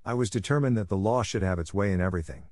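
A low-voiced man reads a first-person detective story in a measured, dramatic manner. He pushes hard on the angry exclamations, and the recording is close and dry. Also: darkish tone, no room sound. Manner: measured, dramatic storytelling with emphatic quoted outbursts. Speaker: audiobook narrator. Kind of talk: scripted first-person narration.

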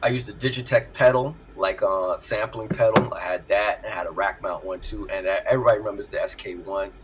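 A middle-aged man, a music producer, telling stories in an animated way and laughing often during a casual interview over a video call. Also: on the low side, a little fast, heavy background noise. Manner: animated storyteller, laughs often, acts out voices.

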